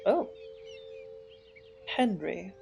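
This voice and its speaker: A woman's voice: mid-range voice, very animated, extremely slow, gravelly, warm tone. A woman hosting a game playthrough, chatting and giggling as she thinks aloud. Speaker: gaming channel host. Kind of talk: let's play commentary. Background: faint game music.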